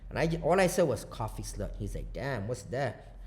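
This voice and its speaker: A man from Guam, a business owner guesting on a podcast, telling stories in casual chat, swearing a lot and talking in an animated way. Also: mid-range voice, moderate pace. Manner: profane, animated storyteller.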